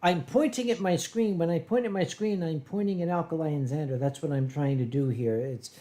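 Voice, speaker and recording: A man hosting a casual podcast chat, loud and joking and swearing freely as he riffs with guests. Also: on the high side, brisk. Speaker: host.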